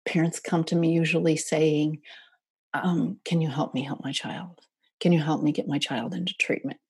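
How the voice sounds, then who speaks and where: Warm, husky woman speaking softly. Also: low-pitched, fairly even intonation, normal speed, dry recording. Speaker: parent coach for eating disorder families. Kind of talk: podcast interview.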